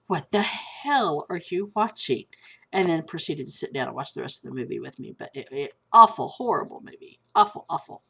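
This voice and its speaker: A woman, chatting casually at home in a video blog, candid and easily sidetracked. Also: low-pitched. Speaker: vlogger. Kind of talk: casual chat. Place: at home with a cat.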